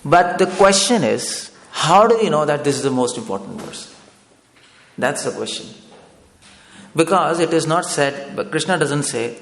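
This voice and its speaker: A man's voice: fairly high pitch, animated, moderate pace, vocal fry. A man preaching a discourse in a temple hall, questioning his listeners step by step and often asking them to agree. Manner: asks the audience for agreement with "no?". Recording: echoey hall with long reverb.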